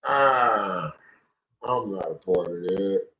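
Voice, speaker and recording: A young man hosting a casual livestream panel, telling stories in an animated, slangy way. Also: sits low, slow. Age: young adult. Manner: animated ranting storyteller, slangy. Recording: echoey, dull lo-fi audio.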